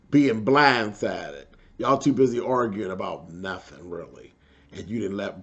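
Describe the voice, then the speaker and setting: A man's voice: lowish voice, slightly rough, highs cut off. A man hosting a casual reality TV recap, talking in a sassy, emphatic way and repeating his points for effect. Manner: sassy, emphatic, repeats points, calls viewers "child" and "honey".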